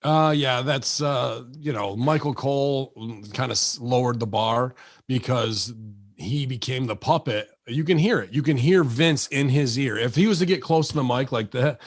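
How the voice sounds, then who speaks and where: A man's voice: mid-range voice, moderate pace, no echo, clean studio sound. A man in his forties, a wrestling veteran guest on a casual podcast, swearing freely and acting out voices as he tells stories. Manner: profane, animated, acts out voices in stories.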